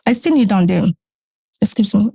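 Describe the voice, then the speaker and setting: A woman with a Nigerian accent, a podcast guest telling a story in animated casual talk, slipping into Pidgin and Yoruba. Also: medium pitch, moderate pace, vocal fry, husky, no room sound, clean studio sound. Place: podcast studio.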